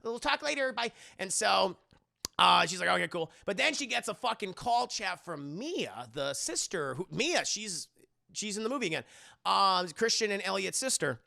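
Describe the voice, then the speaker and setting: A sarcastic, profane man rambles through a movie plot on a live stream. His voice is high-ish, bright and heavily gravelly. The sound is close and dry. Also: sing-song, moderate pace. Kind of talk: casual comedic movie recap. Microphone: close streaming mic.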